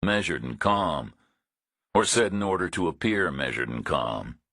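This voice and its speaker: A tough, blunt male hero speaks in a flat, matter-of-fact way, voiced by a male narrator. His voice is extremely deep and husky. The sound is dry and close-miked. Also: measured pace, no echo, full character voice. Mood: threatening. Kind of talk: audiobook character voice.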